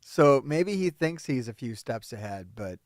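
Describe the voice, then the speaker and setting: A man from New Jersey hosting a casual wrestling review chat, profane and prone to loud ranting outbursts. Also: mid-range voice, lively intonation, measured pace, no room sound, studio quality. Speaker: podcast host.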